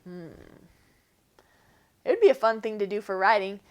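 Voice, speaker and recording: Animated woman reading a picture book aloud. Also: medium pitch, moderate pace. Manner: expressive, animated storytelling.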